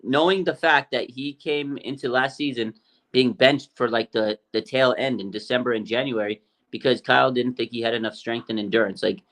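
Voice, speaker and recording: A man co-hosting a sports podcast, talking in a quick, animated and opinionated way with many fillers. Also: medium pitch. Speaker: podcast co-host. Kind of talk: casual sports talk.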